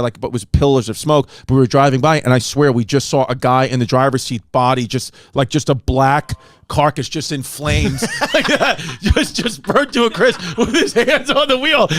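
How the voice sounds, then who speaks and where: A man in his thirties co-hosting a casual podcast, telling stories in an animated, rambling way on a close microphone. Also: medium pitch, a little fast, no echo. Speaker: podcast co-host.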